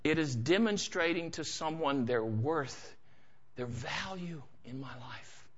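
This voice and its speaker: Preacher guy in church, high voice, swoops all over the place, muffled recording. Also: lively intonation, slow pace. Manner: dramatic, swings from hushed to shouting. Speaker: pastor. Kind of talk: sermon.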